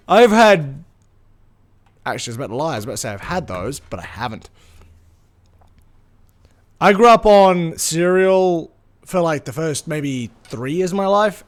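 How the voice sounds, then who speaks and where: A man streaming a game live, chatting playfully with viewers in a rambling, sing-songy way. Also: a little high. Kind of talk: casual live-stream chat.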